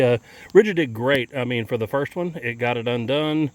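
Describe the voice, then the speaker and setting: A man's voice: mid-range voice, moderate pace, no room sound. Guy talking through tractor maintenance outside, folksy and rambly, dry close sound, crickets going. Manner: folksy, rambling, many fillers. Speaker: equipment vlogger. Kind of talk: casual how-to walkthrough. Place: outdoors by a tractor.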